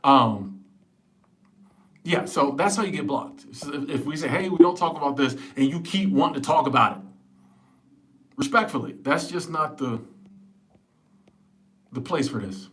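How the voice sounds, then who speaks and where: Hosting a casual home livestream on a small clip-on wireless mic, a middle-aged man talks at a moderate pace with lively intonation and frequent pauses. His voice is fairly high and a bit bright over slight background noise, and he reads comments aloud, laughs often and stumbles on repeated words.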